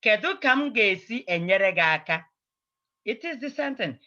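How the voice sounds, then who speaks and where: Woman language teacher, bright tone, patient drilling of phrases, dull lo-fi recording. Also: mid-range voice, lively intonation, normal speed. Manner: drills phrases, repeating each several times. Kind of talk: slow, repetitive language lesson.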